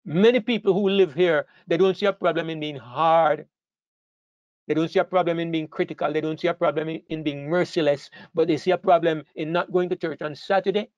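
A man delivers a sermon in a fairly high voice, pushing his pitch and volume up hard whenever he drives a point home and stumbling through restarts along the way. The recording is dry and close, with a dull, muffled tone. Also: steady tone, a little fast, no room sound. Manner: emphatic, rising sharply in pitch and volume on key phrases, with frequent restarts. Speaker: preacher.

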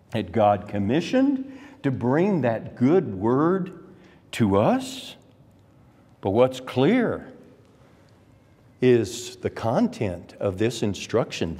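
A middle-aged Texan man preaches with slow, deliberate weight, his voice swooping high on the emphatic words and dropping low at the ends of lines. His voice rings through a church hall with a long, echoing tail. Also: darkish tone. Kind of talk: sermon. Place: church sanctuary.

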